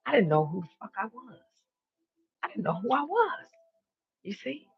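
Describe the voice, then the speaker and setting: A man's voice: high-pitched, big pitch swings, normal speed, vocal fry, narrow, tinny audio. A man hosting a live stream, giving an emphatic spiritual monologue and repeating his declarations, with casual swearing.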